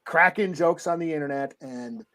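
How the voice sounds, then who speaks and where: A man's voice: fairly high pitch, moderate pace, sharp tone. A man co-hosting a comic book podcast, telling stories in a laid-back way and laughing often. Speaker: podcast co-host. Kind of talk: casual chat.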